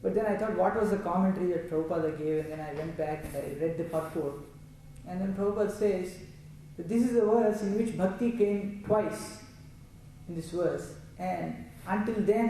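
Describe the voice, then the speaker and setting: A Telugu-man leads a scripture discourse, explaining the text and reciting Sanskrit verses. His voice is fairly high and mellow. The mic is far away in a heavily echoing room with faint ambience. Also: normal speed, a little hiss or hum. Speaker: religious storyteller.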